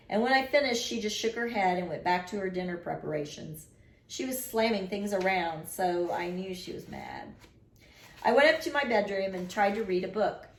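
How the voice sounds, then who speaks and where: A woman reading a children's chapter book aloud in an expressive first-person voice. Her pitch sits in the middle of the usual range. A roomy echo surrounds her. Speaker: storyteller.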